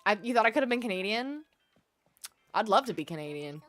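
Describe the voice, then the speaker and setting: A woman's voice: medium pitch, animated, a little fast, fairly bright tone, soft background music. A young woman from the American Midwest with a Midwestern accent, chatting casually with viewers while streaming a game and drawing out words for drama. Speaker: gaming streamer.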